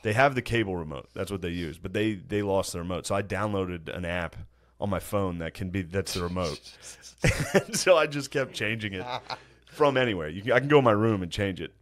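A man's voice: low voice, animated, fairly quick. A young man hosting a comedy podcast, telling a family story in casual, crude slang and laughing often. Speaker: podcast host. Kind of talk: comic storytelling chat.

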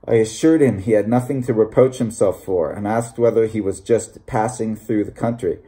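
Man with a mellow reading voice. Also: lowish voice. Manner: measured, deliberate reading. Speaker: audiobook reader. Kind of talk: scripted narration.

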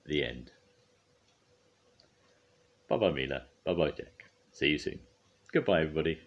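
An older man reading a picture book aloud for his grandchildren, lively and expressive. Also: a bass voice, normal speed, long pauses, dull audio. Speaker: grandfather storyteller.

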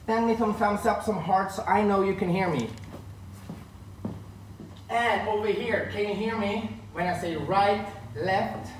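A man's voice: high-pitched, a little slow, slight background noise. Male host, 30s, Swedish accent, casual stream chatter, distant mic in a roomy space with faint ambience. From northern Sweden. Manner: chatty, greets chat viewers by name. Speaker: line dance instructor hosting a live stream. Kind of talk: casual live-stream chat greeting viewers. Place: room at home.

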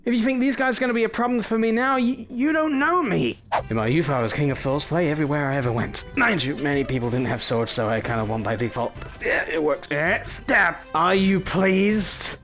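A young man giving excitable gameplay commentary, full of swearing and mock threats. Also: on the high side, fairly quick, faint music behind. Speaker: gaming YouTuber.

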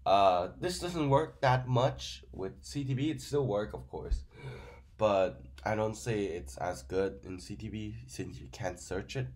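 A man with a fairly low voice who is sick, talking through a card review. He rambles with many fillers and uses grammar. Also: unhurried, a little mellow. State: sick, stuffy voice.

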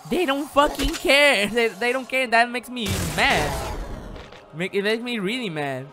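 A man's voice: extremely high pitch, animated, unhurried. A man chatting on a live stream while gaming, rambling, stuttering and swearing. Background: game music.

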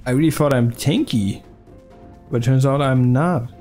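A man giving excitable gameplay commentary, swearing and laughing as he plays. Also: medium pitch, unhurried, soft background music. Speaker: gaming YouTuber.

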